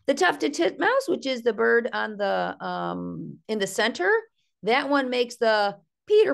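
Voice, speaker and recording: A middle-aged woman from Ohio, a naturalist giving an online nature workshop in a chatty, playful way, with a slightly gravelly voice. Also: a little high, big pitch swings, takes it slowly. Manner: chatty, playful, mimics bird calls in sing-song. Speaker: naturalist and art instructor. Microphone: video call.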